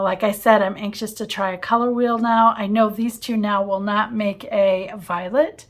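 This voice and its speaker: A woman talks through a watercolor tutorial in her home studio. Her voice sits at an everyday middle pitch. She sounds enthusiastic and friendly, with a smile in her words and a soft laugh now and then. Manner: warm, enthusiastic, often laughing softly. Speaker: watercolor artist teaching. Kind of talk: casual painting tutorial.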